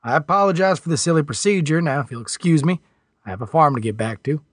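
A man voicing a brisk older country doctor with a slight country accent. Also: a little high, no room sound, studio quality, close to an everyday voice.

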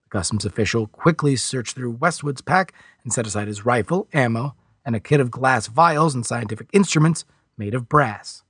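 A man reading a novel aloud as a narrator, in a steady storytelling delivery. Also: mid-range voice, husky, no echo, studio quality. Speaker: audiobook narrator. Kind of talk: scripted narration.

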